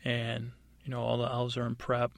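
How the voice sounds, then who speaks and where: Rambling man telling a gravelly bedtime story. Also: moderate pace, dry recording. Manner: rambling, offhand, full of fillers; pops into high, excited voices for the characters. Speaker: podcast storyteller. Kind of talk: improvised bedtime story narration.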